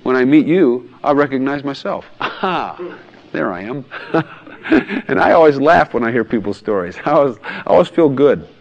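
A man's voice: medium pitch, lively intonation, brisk, gravelly, muffled recording. A man preaching in a blunt, emphatic way, often laughing and acting out quotes in other voices. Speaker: pastor. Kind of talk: sermon-style teaching talk.

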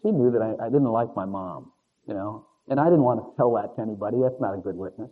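A man's voice: lowish voice, fast, breathy edge. A man preaching a conversational sermon in a rambling, confessional way with chuckling asides. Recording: narrow phone-like lo-fi sound.

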